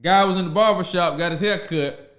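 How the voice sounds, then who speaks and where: Laughing, high-voiced man in an echoey room. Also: brisk. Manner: animated storyteller, laughs often, Southern slang. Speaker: podcast host. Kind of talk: casual podcast chat.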